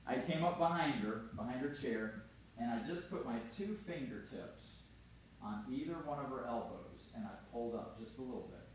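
A man preaching a sermon in a conversational way, often asking "all right?", moving between loud emphasis and quiet, close talk. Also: medium pitch, moderate pace, slight background noise. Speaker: pastor.

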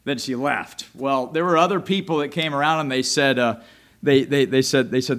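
A pastor delivers his sermon conversationally, frequently checking in with "all right?" and shifting between loud emphasis and quiet, intimate talk. His voice is mid-range and his pace moderate.

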